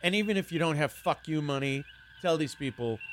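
A man's voice: on the high side, expressive, a little fast, slight background noise. A man hosting a radio show, ranting sarcastically and heatedly, swearing freely. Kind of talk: casual ranting monologue. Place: San Francisco.

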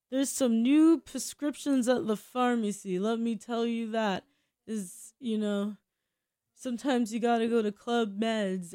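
A young woman hosts a small radio show in a slow, meandering comedic monologue. Her voice sits a little high, and she keeps undercutting herself with nervous, self-deprecating asides and frequent laughs. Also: warm tone.

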